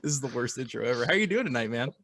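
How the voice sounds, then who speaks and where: A man's voice: mid-range voice, very animated, racing, a bit bright, dry recording. Casting: young male podcast host, mid-range voice, self-mocking banter, dry close mic. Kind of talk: casual chat.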